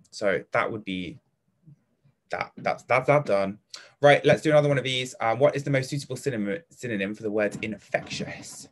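A young man with a British accent leads a live online lesson for primary school children. He is upbeat and encouraging, reading out pupils' answers by name. His speech is casual and chatty, full of fillers, in a voice of ordinary pitch. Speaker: teacher hosting an online lesson.

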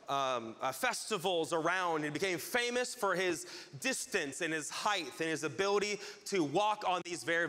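A man preaching a sermon as pastor, telling a story with lively acted-out crowd voices. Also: on the high side, in a large hall.

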